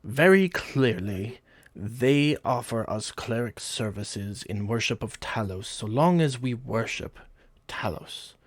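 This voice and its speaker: A man voicing a gruff male kenku ship's guard who talks in a dismissive, scolding way, in a tabletop game. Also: mid-range voice, animated, slow, dry recording.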